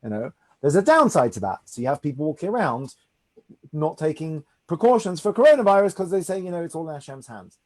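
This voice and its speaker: A man leads a study group as its rabbi. His voice sits dark and mellow, and he talks in an easy, conversational way, often tagging "right?" onto his points. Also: on the high side, sing-song, fairly quick. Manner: conversational, reassuring, asks "right?". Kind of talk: teaching a study class.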